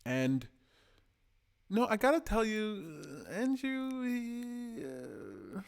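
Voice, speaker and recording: Excitable man, lively voice. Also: sits high, drawn-out words, gravelly. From Canada. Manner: excitable, rambling, peppers talk with "man". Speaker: political commentary vlogger. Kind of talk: casual rambling commentary.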